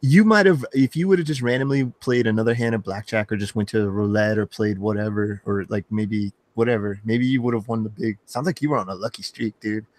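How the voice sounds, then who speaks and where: A man's voice: fairly low pitch, a little fast, few pauses, darkish tone. A man hosting a live stream, chatting in an upbeat, chummy way with a guest and calling him "man" and "dude". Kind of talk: casual chat.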